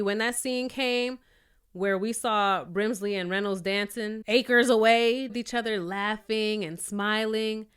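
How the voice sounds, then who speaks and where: Expressive woman reviewing a TV show. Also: medium pitch, clear, resonant tone. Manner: expressive, emotional, playful asides. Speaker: TV review vlogger. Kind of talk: casual review chat.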